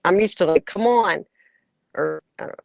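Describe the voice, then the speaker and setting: Gravelly-voiced man chatting on a livestream. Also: on the high side, rapid-fire, no room sound. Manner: chatty, laughs often. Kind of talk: casual livestream chat. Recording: dull, dry lo-fi mic.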